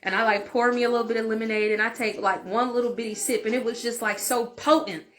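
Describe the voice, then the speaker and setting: A woman vlogger telling a story in a casual, animated way, full of "like" and swearing. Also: on the high side, fast. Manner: animated, frank, peppered with "like" and swearing. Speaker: vlogger and healing channel host. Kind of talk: casual story-time monologue.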